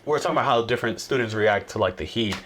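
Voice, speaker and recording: Fast-talking man telling stories. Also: on the low side, background noise. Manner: animated storyteller, acts out quotes. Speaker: guest. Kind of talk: casual chat.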